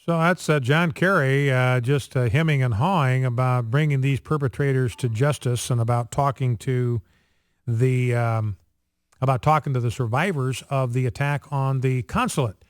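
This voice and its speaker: A man's voice: medium pitch, steady tone, normal speed, clean tone, no echo, studio quality. A male radio talk show host giving opinionated political commentary, with many fillers and restarts.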